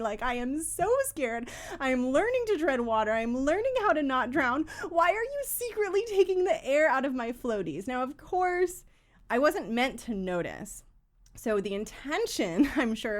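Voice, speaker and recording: A young adult woman hosting a solo podcast, telling a story in a chatty way with lots of "like" fillers. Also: mid-range voice. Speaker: podcast host.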